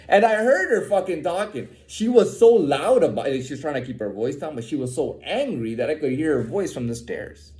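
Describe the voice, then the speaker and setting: A man's voice: on the high side, sing-song, a little fast, hardly any pauses, darkish tone. A man ranting in a heated, profane way, repeating himself and ending lines with "man". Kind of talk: candid personal rant.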